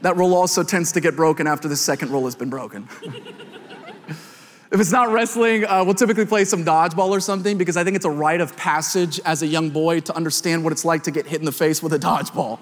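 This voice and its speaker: A man in his thirties, a pastor, telling a humorous family story in a sermon, with lively quoted voices. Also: fairly high pitch, quick pace. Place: large church hall. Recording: long hall reverb.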